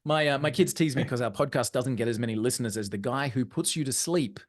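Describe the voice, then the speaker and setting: A man presenting a live online training session, energetic and often checking in with his audience. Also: medium pitch, fast talker. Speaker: webinar presenter.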